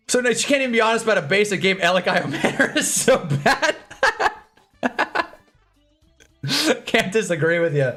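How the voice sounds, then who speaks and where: A young man with a Midwestern American accent hosting a live stream, telling a dating story in an animated, laughing way and breaking off for quick remarks on the game. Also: a little high. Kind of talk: casual storytelling while watching football.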